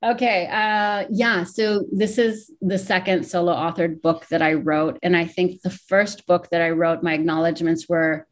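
A middle-aged woman author from Hawaii answers interview questions in a candid, reflective way. Her voice sits a little low for a woman, and she often restarts her sentences as the emotion comes through. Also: steady tone, normal speed, hardly any pauses. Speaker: author and academic.

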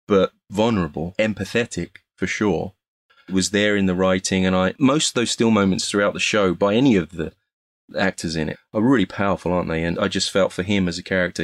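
A man's voice: sits low, no echo. Laughing English man telling stories. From England. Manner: animated storyteller, laughs often. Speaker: guest actor. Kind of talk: casual interview chat.

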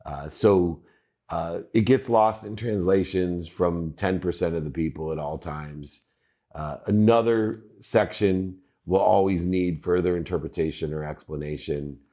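A man with a very low, deep voice talks straight to his viewers. He is reflective and earnest. He strings his points together in steady, measured lists. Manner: measured, earnest, list-like phrasing. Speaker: host of own video channel. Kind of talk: reflective commentary to camera.

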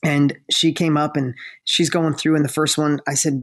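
Energetic man telling emphatic stories. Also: on the high side. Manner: energetic, emphatic storyteller who slows down for emotional moments. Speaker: guest speaker on motivation. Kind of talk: storytelling in a conversation.

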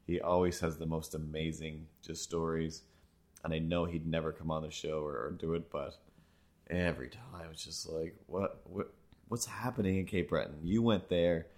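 A man's voice: very deep voice, steady tone, moderate pace, darkish tone. A man co-hosting a podcast, talking in a joking, rambling, playful way. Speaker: podcast co-host. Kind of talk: casual podcast chat.

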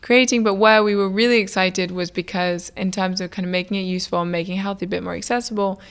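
A young woman, a food business founder, telling stories in a casual interview in a chatty, lively way, acting out what people said. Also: medium pitch, quick pace, smooth. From United Kingdom. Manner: chatty, lively, many "like" fillers, acts out quoted dialogue.

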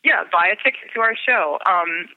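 A woman's voice: lowish voice, lively intonation, moderate pace, narrow, tinny audio. A woman musician talking in a casual interview, earnest and self-mocking, with lots of hesitations. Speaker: musician guest.

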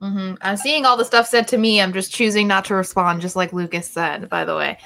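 A woman co-hosting a casual sports podcast over a video call, chatty and quick to laugh. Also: medium pitch, creaky, a bit bright. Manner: giggly, chatty. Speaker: podcast co-host.

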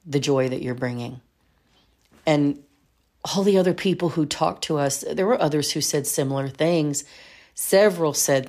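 A woman's voice: deep voice, darkish tone. A middle-aged woman hosting a solo coaching podcast, telling stories and giving earnest, encouraging reflections.

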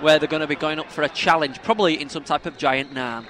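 Fast-talking jokey man. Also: a little high, fairly bright tone, slight background noise. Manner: jokey, swearing, mimics people. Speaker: football podcast co-host. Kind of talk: casual banter commentary.

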